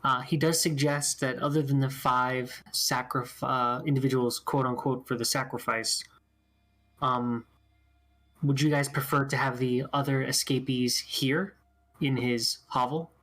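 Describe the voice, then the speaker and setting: A man acting as game master for a tabletop game narrates in a relaxed, halting style full of fillers. His voice sits in the mid range.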